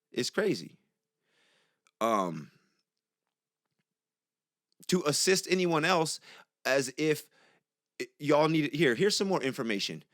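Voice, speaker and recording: A man's voice: mid-range voice, a bit bright, no echo, studio quality. A young man hosting a podcast, talking in a heated, profane, conversational monologue. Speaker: podcast host. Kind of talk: casual monologue.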